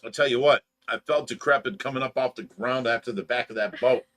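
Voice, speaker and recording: Older man, bright folksy livestream host. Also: mid-range voice, fairly quick. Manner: folksy, rambling storyteller, mock-offended. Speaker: host of fish rescue livestream. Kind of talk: casual livestream chat.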